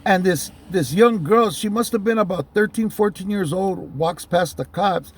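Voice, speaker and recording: A man's voice: sits high, normal speed, breathy edge. A man telling personal stories in a heated, profane, rambling way. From Southern California. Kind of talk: casual storytelling monologue.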